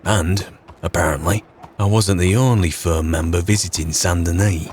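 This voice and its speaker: A man's voice: deep voice, normal speed, darkish tone, a little hiss or hum. A man with a Yorkshire accent narrating his game role-play character in a crude, laddish storytelling manner.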